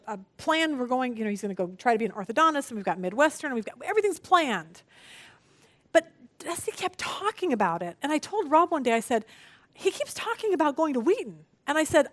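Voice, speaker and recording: Animated high-voiced woman Bible teacher. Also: dry recording. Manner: animated storytelling, acts out quotes with big pitch jumps; self-deprecating humor, frequent "okay?". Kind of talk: women's Bible study teaching.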